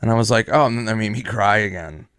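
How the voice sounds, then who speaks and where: A man's voice: lowish voice, fast, a bit bright, clean tone, dry recording. Man telling a story, dry close sound. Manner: loose, profane anecdote telling with voices for others. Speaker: comedian guest. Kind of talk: casual storytelling.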